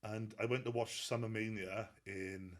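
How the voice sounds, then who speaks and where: A man's voice: lowish voice, fairly even intonation, a little slow. A Welsh man telling stories in a casual interview, laughing and swearing freely. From Wales. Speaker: guest strongman athlete.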